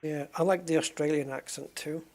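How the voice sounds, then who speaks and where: A man's voice: fairly high pitch, steady tone, brisk, a little mellow. A man streaming a game, chatting casually and rambling as he answers viewer questions. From United Kingdom. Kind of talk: casual live-stream chat while playing.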